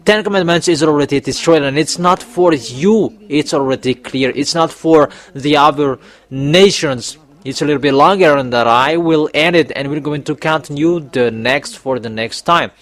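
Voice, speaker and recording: Emphatic preacher, man with a higher voice. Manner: emphatic and repetitive, with sudden raised bursts; speaks English as a second language, with non-native grammar. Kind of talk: sermon.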